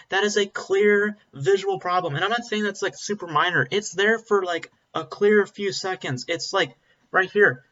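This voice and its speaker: Talking at a normal speed in a high, slightly bright voice, this reviewer is blunt and rambling as he discusses a film, often restarting and saying "um." It's a casual spoken review. The audio is lo-fi and a little dull.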